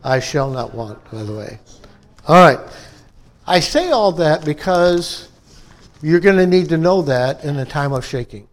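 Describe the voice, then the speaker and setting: A man's voice: on the high side, big pitch swings, unhurried, pauses often. A pastor from upstate New York delivering a conversational sermon to his church, often checking in with the congregation by asking "okay?" and "amen?".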